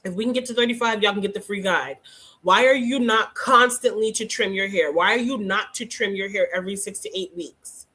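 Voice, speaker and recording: A woman hosting a casual hair care livestream, teaching and teasing viewers by name in an animated way. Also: medium pitch, brisk, husky.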